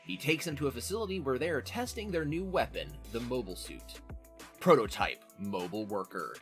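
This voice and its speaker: A man's voice: mid-range voice, big pitch swings, brisk, soft background music. A man with a nasal voice hosting a casual podcast, recapping an episode in a profane, sardonic way. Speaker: podcast host.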